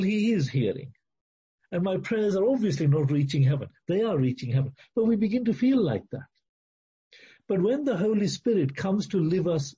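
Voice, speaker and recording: A male preacher delivers an earnest sermon. His voice is very dark and husky, sitting a bit high for a man, and the recording sounds dull and muffled. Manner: earnest, repetitive exhortation with rhetorical questions.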